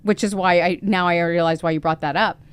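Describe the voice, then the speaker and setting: A woman co-hosting a podcast, telling personal stories in a lively, emotionally open way. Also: lowish voice, fairly quick, smooth. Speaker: podcast co-host. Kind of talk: casual chat.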